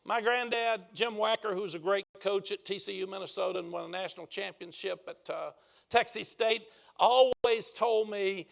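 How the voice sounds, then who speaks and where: A man's voice: high-pitched, moderate pace, creaky. An older man, a football coach, giving a clinic talk to a room of coaches and telling folksy stories with acted-out quotes. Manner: folksy storyteller who acts out quoted lines. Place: meeting room with an audience.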